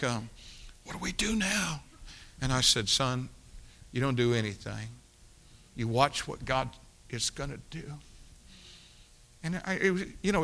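A male preacher with a lilt tells a revival story from the pulpit. His voice is bright and ringing, and his delivery is folksy and animated. He swings from loud emphasis to hushed asides. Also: medium pitch. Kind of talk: sermon storytelling.

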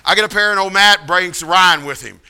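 A male preacher tells stories from the pulpit in an animated, folksy way. His voice is high and very bright. It rings smooth and clear. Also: normal speed. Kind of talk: storytelling sermon.

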